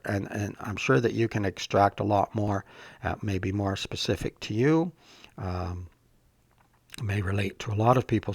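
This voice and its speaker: A man tutoring, reading and discussing a poem in a thoughtful, gentle way with many filler words, a little congested from a cold. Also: lowish voice, vocal fry, no room sound.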